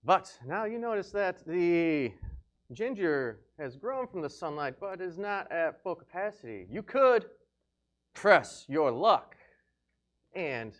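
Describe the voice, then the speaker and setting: A man's voice: sits high, sing-song, slow, a bit bright. A man narrating as game master of a tabletop game, laughing often between lines. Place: remote video call.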